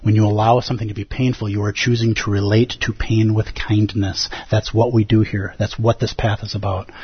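A man with a husky, slightly breathy voice gives a casual, playful Zen dharma talk to his group. The recording is dull and lo-fi, with a dry, close sound and no room around it. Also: lowish voice, little pitch movement, a little fast, no echo. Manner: conversational and playful, with frequent "like" and "right?". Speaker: Zen meditation teacher.

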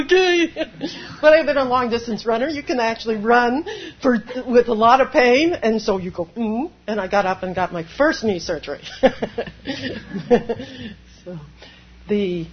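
A woman Zen priest giving a dharma talk, animated, laughing often and acting out inner voices. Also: on the high side, husky, highs cut off.

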